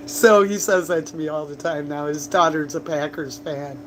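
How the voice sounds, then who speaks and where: A woman rambling through casual stories on a livestream, with a voice that sits a little low. She chats from a bar indoors, and a faint hum runs underneath. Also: steady tone, moderate pace, hardly any pauses. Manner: chatty, rambling, laughs and coughs between stories. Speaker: livestreamer and bartender.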